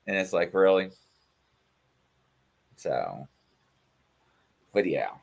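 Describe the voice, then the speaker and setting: A man with a New York accent, co-hosting a casual livestream chat and telling animated stories. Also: low voice, drawn-out words, vocal fry. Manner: animated storytelling, mimics voices in quotes. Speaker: livestream co-host.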